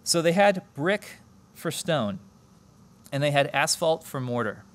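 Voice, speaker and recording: A man's voice: fairly high pitch, expressive, unhurried. Man giving a conversational sermon. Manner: explanatory, asks the congregation questions. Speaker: preacher. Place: church service before a congregation.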